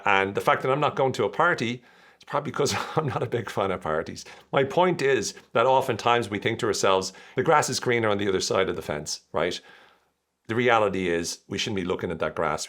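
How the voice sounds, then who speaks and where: A man's voice: on the low side, a bit bright. A man hosting a podcast, explaining ideas in a casual, chatty and jokey way. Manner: chatty, jokey, acts out quoted voices. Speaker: podcast host.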